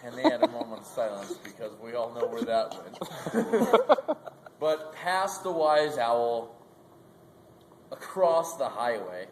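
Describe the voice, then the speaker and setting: A man's voice: medium pitch, a little hiss or hum. A young man casually telling a comic story, rambling with lots of "like" and "um". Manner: rambling, full of "like" and "um". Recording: roomy echo, faint ambience.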